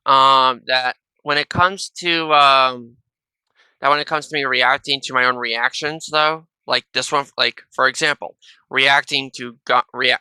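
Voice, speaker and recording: Rambling, bright-voiced young man on a headset. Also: medium pitch, clear, resonant tone, no room sound. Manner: rambling, with many restarts and a habitual "though". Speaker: reaction video host. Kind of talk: casual reaction commentary. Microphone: wireless gaming headset.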